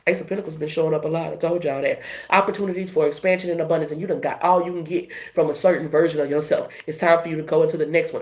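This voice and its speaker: Emphatic tarot reader with a softened Louisiana accent. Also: medium pitch. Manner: emphatic, rhetorical questions, colloquial asides. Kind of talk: tarot reading to camera.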